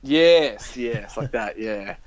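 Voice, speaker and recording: A man's voice: mid-range voice, animated, slow. A young man, chatting casually as a podcast co-host and telling a rambling story, acting out the lines he quotes. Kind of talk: casual chat. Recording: dull, lo-fi, dry.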